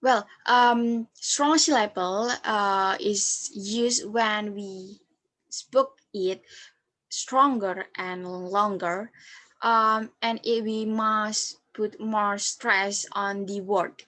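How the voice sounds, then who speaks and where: A young woman from Indonesia talks through a class presentation at an unhurried, deliberate pace. She is not an English speaker, so she often stops on fillers and goes back to fix her own words. Her pitch sits in the middle of the usual range. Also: steady tone, fairly bright tone. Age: young adult. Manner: hesitant, with frequent fillers and self-corrections. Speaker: student presenter.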